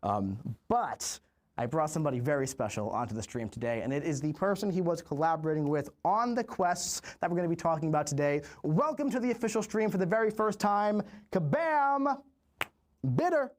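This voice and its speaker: Hype-driven male stream host, higher voice. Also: animated. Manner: upbeat, hyping, drawn-out emphasis. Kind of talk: hosting a live game stream.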